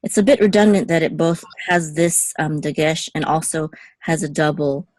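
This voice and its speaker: A woman with a notably low voice, teaching Hebrew letters and vowels in a patient, step-by-step way. She checks in often with a quick "okay?" The recording is dry and close, with no room sound. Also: fairly even intonation, darkish tone, no room sound. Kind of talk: one-on-one lesson.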